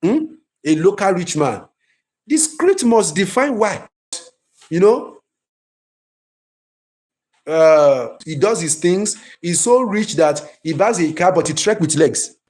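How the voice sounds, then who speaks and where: Man, high-pitched, lively repetitive teacher on a stream. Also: takes it slowly, pauses often. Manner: lively, emphatic, repeats himself. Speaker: film writing teacher. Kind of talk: live-streamed class.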